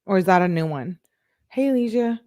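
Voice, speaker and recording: A woman's voice: medium pitch, normal speed. A woman hosting a true crime channel, casually reading text messages aloud and breaking off with puzzled asides. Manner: reads texts flatly, breaks off with puzzled asides.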